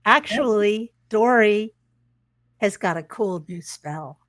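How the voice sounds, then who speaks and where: A woman's voice: medium pitch, animated, takes it slowly, fairly bright tone, dry recording. A woman playing a tabletop game, describing her character's actions in an easygoing, matter-of-fact way. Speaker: player. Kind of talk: tabletop role-play.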